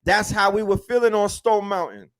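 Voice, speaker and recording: In a fairly bright voice that sits high, a man hosts an animated, lecture-style online talk at a normal pace. He drives his points home emphatically, leaning on slang and saying things again and again.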